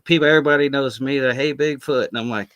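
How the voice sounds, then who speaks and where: A man, a guest on a live video-call chat who tells stories in an animated, laughing way. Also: medium pitch, rapid-fire, clean tone, dry recording. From Florida Panhandle, US. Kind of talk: casual live-stream chat. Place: remote, joining a video call.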